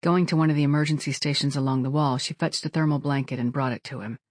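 An audiobook narrator reading in a steady, even manner at a middling pitch. The sound is close and completely dry, with no room around the voice. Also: quick pace, no echo. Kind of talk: scripted narration.

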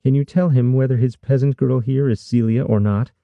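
A man voicing a sharp-tongued, suspicious young noblewoman with a curt manner. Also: mid-range voice, steady tone, fairly quick, creaky, dry recording, lo-fi sound, pitched above the performer's own voice, lightly acted. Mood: skeptical. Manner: curt, skeptical.

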